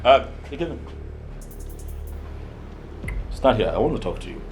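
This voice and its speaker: Actor as a stern Nigerian elder prince, lecturing tone, film music plain behind. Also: male voice, medium pitch, sing-song, very fast, lightly acted. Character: older prince, stern and proud of seniority. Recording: film soundtrack with clear music.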